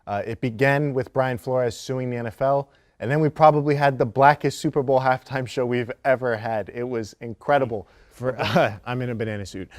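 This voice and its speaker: A man's voice: mid-range voice, fairly even intonation, normal speed. A young man hosting a student sports show, talking in an upbeat, jokey, casual way. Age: young adult. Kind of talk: casual chat.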